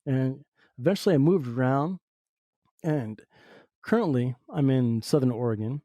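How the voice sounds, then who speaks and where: A man's voice: mid-range voice, animated, normal speed, dark tone, dry recording. A man hosting a podcast, talking through a personal reflective monologue in a rambling way, full of "you know" fillers. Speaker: podcast host. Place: lives in Southern Oregon.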